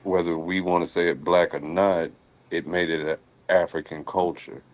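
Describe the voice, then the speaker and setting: A man speaking as a panelist in a casual discussion, measured and thoughtful, often trailing off quietly. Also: low voice, fairly even intonation.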